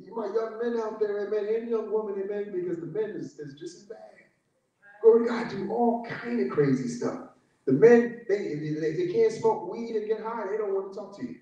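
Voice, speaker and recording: A man preaching in a high, mellow voice, punctuating every point with "glory to God" and slipping into playful mocking voices. The sound is echoey, as if caught from well back in a church sanctuary. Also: normal speed, distant mic, dull audio. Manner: emphatic preaching with frequent "glory to God" interjections; acts out conversations in mocking voices. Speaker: pastor. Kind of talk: sermon.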